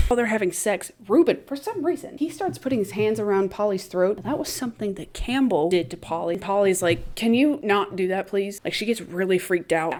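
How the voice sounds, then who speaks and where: A young woman recapping a TV series in a chatty, animated way, swearing freely and laughing often. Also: medium pitch. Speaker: recap vlogger. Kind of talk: casual recap with profanity.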